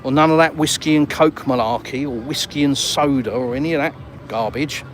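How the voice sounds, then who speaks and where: An English-accented man talks casually on camera while walking outdoors, holding his phone. His delivery is cheeky and slangy, full of teasing asides to viewers. Faint traffic hums behind him, and his pitch sits in a middle range. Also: brisk. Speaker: vlogger. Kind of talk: casual walk-and-talk vlog. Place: outdoors on an urban seafront street.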